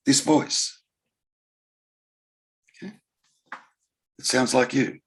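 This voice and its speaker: A man giving an unhurried spiritual talk, pausing often and musing gently. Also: medium pitch, gravelly. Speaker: spiritual teacher. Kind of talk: slow reflective talk.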